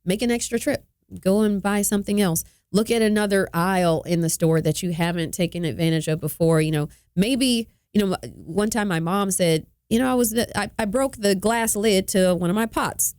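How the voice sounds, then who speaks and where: A woman's voice: mid-range voice, normal speed, a little mellow, no echo. A woman co-hosting a talk show in a studio, chatting in an upbeat, easygoing way and laughing easily. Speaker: co-host. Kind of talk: casual talk show chat.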